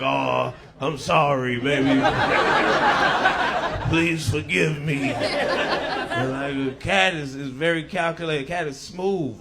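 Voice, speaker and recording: This is a man on stage, easy and observational in his delivery. His voice sits at an ordinary pitch for a man. Heavy noise runs through the recording. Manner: relaxed, observational. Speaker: stand-up comedian. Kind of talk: stand-up routine.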